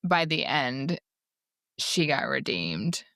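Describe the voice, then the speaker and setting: A woman's voice: extremely low pitch, very animated, slow pace, creaky, fairly bright tone, no room sound, clean studio sound. A woman co-hosting a casual book podcast, mostly chiming in with short agreement. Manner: mostly brief agreeing backchannels. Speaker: podcast co-host.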